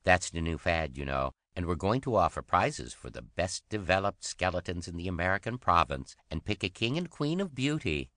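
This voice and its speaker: A man's voice: deep voice, big pitch swings, normal speed, hardly any pauses, pushed and bright, no echo, studio quality, heavily acted. A man voicing a teasing, flippant young woman with an airy, mocking manner.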